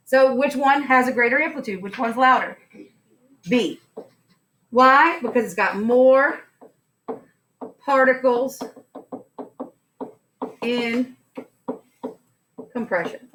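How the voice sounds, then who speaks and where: A woman's voice: high voice, slow pace, pauses often, a bit bright, slight background noise. A woman teacher giving a science lesson in a classroom, upbeat and playful, putting questions to her students.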